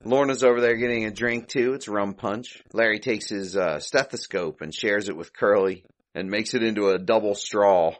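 A man's voice: lowish voice, normal speed, hardly any pauses. Chuckling man recapping a comedy. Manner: chuckling, thinking aloud. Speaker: podcast host. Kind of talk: casual recap of a comedy short.

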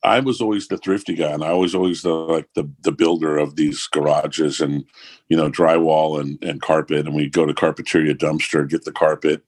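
A man telling a profane, animated story in casual conversation. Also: rumbling low, a little fast, dry recording. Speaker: musician guest.

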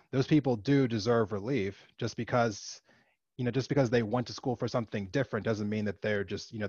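A male political commentator from the United States delivers a passionate opinion monologue in a lowish voice, rising to emphatic outbursts. He leans heavily on fillers like "you know" and "like," and the recording sounds dull and dry.

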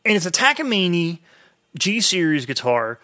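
Bright-voiced man with a slight lisp. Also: high-pitched, sing-song, moderate pace. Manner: profane, rambling, restarts a lot. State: drinking. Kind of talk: casual chat, storytelling.

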